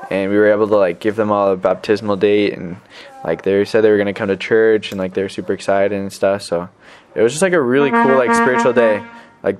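A young adult man telling a story casually to the camera as a missionary, rambling and filling gaps with "like.". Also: lowish voice. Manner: rambling, filler-heavy, lots of "like".

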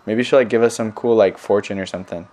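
A man's voice: on the low side, fairly even intonation, fast talker, a little mellow. A young man, a missionary, telling stories in a casual recorded message to his family, rambling with many fillers. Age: young adult.

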